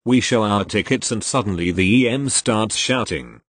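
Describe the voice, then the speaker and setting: A man reading online posts aloud as narrator, in an expressive storytelling manner. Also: on the low side, moderate pace, hardly any pauses, slightly rough, no echo.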